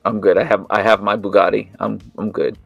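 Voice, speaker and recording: A laid-back man co-hosts a casual chat, often stopping and restarting as he talks. His voice is low and gravelly, recorded dry and close. Faint music sits underneath. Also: steady tone, fairly quick, no room sound, lo-fi sound. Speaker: co-host of a toy news show.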